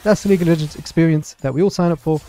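A young man streaming a video game, chatting excitedly through the match and answering his chat. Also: fairly high pitch, racing. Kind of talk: live gameplay commentary.

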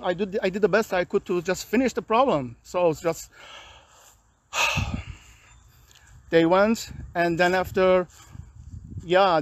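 A vlogger with a high voice talks to his camera outdoors in a park, complaining in a personal video in halting, restless, non-native English. He sounds weary and agitated, and the sound is dry and close with no room echo.

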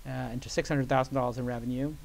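A man's voice: mid-range voice, quick pace, vocal fry, a little hiss or hum. A man telling a long anecdote in an interview, acting out the voices of the people in it and using a lot of "like" as filler. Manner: animated storyteller who acts out quoted voices, many "like" fillers. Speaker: guest. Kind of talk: storytelling interview. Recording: live event with audience.

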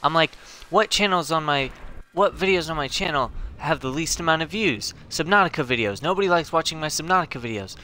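Man commentating his gameplay, excitable, cracks jokes, sharp tense tone. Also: fairly high pitch, fairly quick. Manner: excitable, jokey, exclaims often. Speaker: gaming channel host. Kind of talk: let's play commentary.

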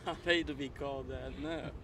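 A woman's voice: deep voice, steady tone, unhurried. Giggly young woman, unsure. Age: young adult. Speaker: interviewee. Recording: crowd noise, distant mic.

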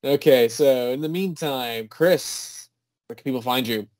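A young man co-hosting a podcast, talking in a relaxed, wry, joking way. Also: medium pitch, a little slow, dry recording. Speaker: podcast co-host. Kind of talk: casual chat.

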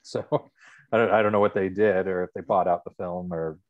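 A middle-aged man, a guest in a casual interview, telling stories in a relaxed, rambling way. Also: deep voice, brisk, no room sound, narrow, tinny audio.

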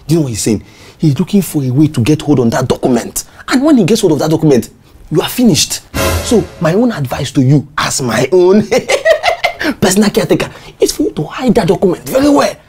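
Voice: medium pitch, wildly swooping pitch, fairly quick, a little mellow, slightly rough, full character voice. An actor playing a scheming two-faced neighbour who soothes and plots, full of fillers and stammers, with a Nigerian accent.

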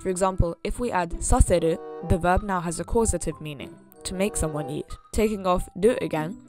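A woman reading a scripted language lesson as a voice-over, explaining points clearly and steadily. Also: on the low side, fairly quick, a little mellow. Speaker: language educator. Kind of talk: scripted educational narration. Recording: clear music playing behind the voice. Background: background music.

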